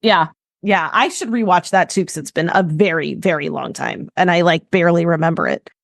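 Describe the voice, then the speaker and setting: A woman co-hosting a podcast, excitable and giggly in a casual chat with friends. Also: fairly low pitch, brisk, gravelly, no echo, studio quality. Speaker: podcast co-host.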